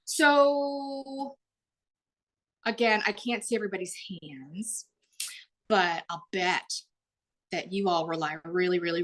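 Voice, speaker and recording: A woman leading an online workshop, heard through a video call microphone. She talks in a loose, chatty way, leaning on "like" and "um". She jumps high in pitch whenever she acts out the people she quotes. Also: a bit bright. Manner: chatty, frequent "like" and "um". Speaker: webinar presenter. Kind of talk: live online workshop talk.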